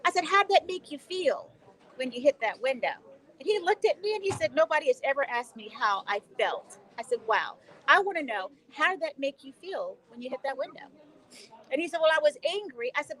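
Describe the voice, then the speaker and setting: A woman's voice: sits high, poor audio. A woman in her sixties, a guest educator telling stories on a talk show, emphatic and quoting her own dialogue. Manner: animated, emphatic, quotes herself in dialogue. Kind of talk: conversational storytelling on a talk show.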